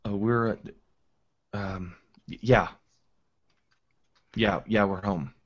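A man's voice: lowish voice, takes it slowly. A man playing a tabletop role-playing game, urgent when speaking in character. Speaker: player. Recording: dull lo-fi sound.

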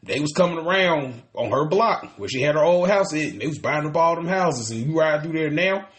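A man's voice: a little high, expressive, brisk, fairly bright tone, echoey room. A man, co-hosting a podcast in casual chat, ranting animatedly and cursing with lots of restarts. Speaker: podcast co-host.

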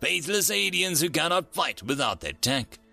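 Man doing a snarling, arrogant fanged alien noble, high and lively, gravelly edge. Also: moderate pace, faint music behind, heavily acted. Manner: sneering, snarling taunts.

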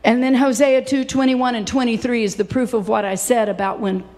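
Female preacher, fairly high voice, fervent sermon delivery, long reverb from a big hall. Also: fairly even intonation, fairly quick, a little mellow. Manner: impassioned, dramatic, acts out quoted voices.

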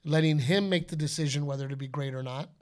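A man with a notably high speaking voice tells stories in a casual podcast chat. He is animated and expressive, quick to break into playful shouted voices as he talks. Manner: animated storyteller, slips into playful announcer shouts. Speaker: podcast co-host; father.

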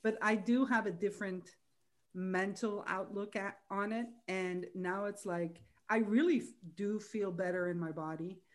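A woman, hosting a casual podcast, chatty and quick to laugh. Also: medium pitch, fairly even intonation. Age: 40s. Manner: chatty, laughs easily, trails off. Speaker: podcast host.

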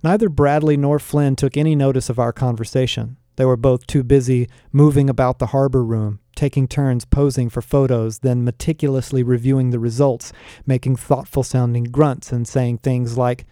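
A male audiobook narrator reading a first-person story in a steady, descriptive way. His voice is mellow and warm, at an ordinary pitch for a man. The recording is close and dry with no room sound. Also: moderate pace, no room sound.

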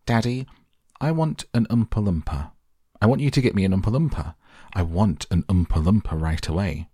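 A man's voice: sits low, expressive, normal speed, mellow, slightly rough, no room sound, studio quality. A man voicing a spoiled, demanding rich little girl in a storybook reading, with a whiny, insistent delivery. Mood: whining.

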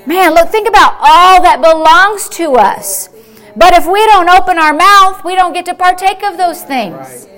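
A woman's voice: very high-pitched, expressive, measured pace, fairly bright tone, soft background music. A woman pastor preaching a fervent sermon and calling out to her congregation. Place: church service.

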